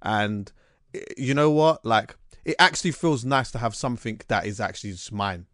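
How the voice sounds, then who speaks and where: A man, hosting a podcast and telling stories in an animated, slangy way. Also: lowish voice, normal speed, dry recording, studio quality. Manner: animated storytelling with slang and restarts. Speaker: podcast host. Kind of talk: casual chat.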